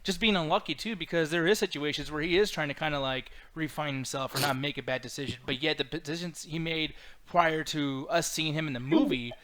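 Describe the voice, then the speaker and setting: Man, host, fairly high voice, excitable, casual review chat. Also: fairly quick, hardly any pauses. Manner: excitable, leads the discussion. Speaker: podcast host.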